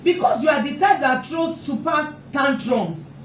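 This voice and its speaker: A woman's voice: high-pitched, lively intonation, a little slow, a little hiss or hum. Emphatic woman, roomy distant sound. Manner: emphatic, repeats points for stress. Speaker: family therapist and parenting speaker. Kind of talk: impassioned live parenting talk. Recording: roomy echo, distant mic, faint ambience.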